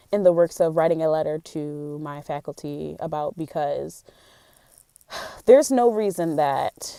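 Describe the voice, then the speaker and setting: Young woman, college theater student, casual vlog, candid venting, mellow voice. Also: on the low side, no room sound. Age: young adult.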